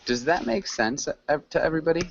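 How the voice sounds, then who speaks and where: A man teaching an online English class, correcting students patiently and clearly. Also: a little high, fast. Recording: muffled lo-fi call audio with faint hiss.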